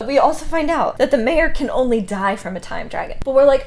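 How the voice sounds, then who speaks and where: Young woman gushing about a book she read, kinda high voice, lots of "like", acts out what characters said. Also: moderate pace. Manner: chatty, animated retelling with lots of "like" and acted-out quotes. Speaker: book reviewer. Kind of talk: casual book recap.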